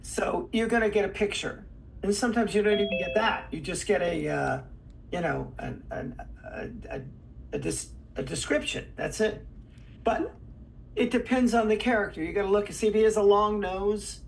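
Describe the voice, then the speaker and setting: Brief: a high tenor man, a veteran voice actor giving playful, rambling advice, with faint background noise. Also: normal speed, creaky, distant mic, low-quality recording. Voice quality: self-described tenor, high voice. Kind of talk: casual advice chat.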